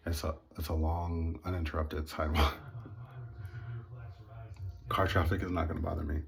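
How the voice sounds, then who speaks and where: A man's voice: a bass voice, fairly even intonation, quick pace, creaky, pauses often. A man telling a personal story in a casual monologue, earnest and indignant with wry laughs. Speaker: vlogger.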